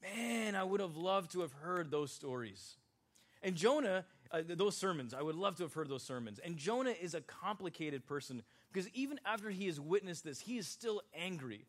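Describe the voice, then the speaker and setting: A man's voice: high-pitched, expressive, moderate pace. A man preaching a sermon in a conversational, joking way, talking directly with his congregation. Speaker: pastor.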